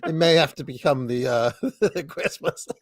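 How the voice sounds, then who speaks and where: A man's voice: a little high, no echo. A man co-hosting a casual chat over a video call, mocking adverts and laughing often. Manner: dry, mocking, quick to laugh. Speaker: podcast co-host. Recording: dry close sound.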